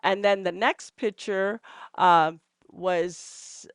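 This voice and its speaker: A middle-aged woman from Canada tells stories to a small group in a loose, chatty way. Her voice sits at a medium pitch, and she fills her sentences with "um" and "you know". The sound is close and dry, with no room echo. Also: fairly even intonation, very slow, smooth. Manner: chatty, many fillers, laughs at herself. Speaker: entrepreneur sharing testimonials. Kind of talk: casual storytelling to a group.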